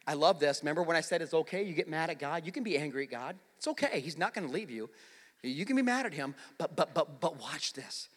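A man preaching a sermon in a bright, high voice that rings out with long reverb across a large hall. He swings from hushed, near-whispered lines to shouted peaks. He drives his points home by repeating them. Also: sing-song, quick pace. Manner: repeats phrases for emphasis. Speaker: pastor.

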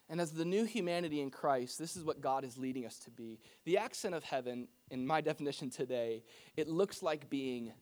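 A man's voice: medium pitch, a little mellow. A man preaching a sermon to his church as pastor, in a conversational style that mixes personal stories with scripture.

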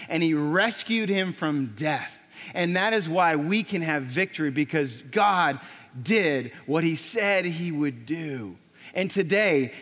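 A man preaching, telling a story dramatically and dropping to a hushed near-whisper. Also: fairly high pitch. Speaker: pastor. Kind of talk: sermon storytelling. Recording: long hall reverb.

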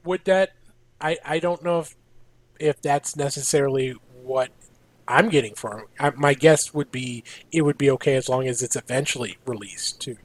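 A man's voice: mid-range voice, moderate pace, no room sound. A man co-hosting a casual gaming podcast, joking and exasperated. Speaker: podcast co-host.

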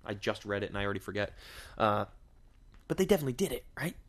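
A man's voice: lowish voice, very animated, fast. A man hosting a podcast, rambling through a crude, joking monologue full of swearing and rhetorical questions. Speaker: podcast host. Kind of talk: casual comedic podcast monologue.

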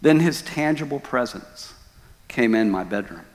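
A male pastor preaching a sermon, telling stories dramatically with loud outbursts and hushed lines. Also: mid-range voice, expressive, unhurried. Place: church sanctuary. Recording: long church hall reverb.

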